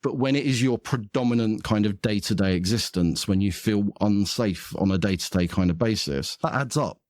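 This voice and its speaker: A man's voice: fairly low pitch, normal speed, darkish tone, no echo. A man, a podcast guest explaining his views in a thoughtful, conversational way. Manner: thoughtful, explanatory, with occasional laughs. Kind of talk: conversational interview.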